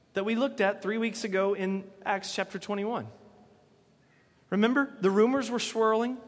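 A man preaching a sermon as pastor, animated and acting out quoted voices with bursts of loudness. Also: high voice, long reverb tail.

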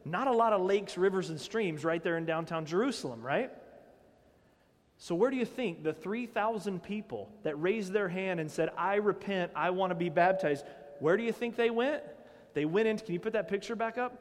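Pastor, man, high-pitched, conversational animated sermon, church hall reverb. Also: normal speed. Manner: conversational, animated preaching with direct questions.

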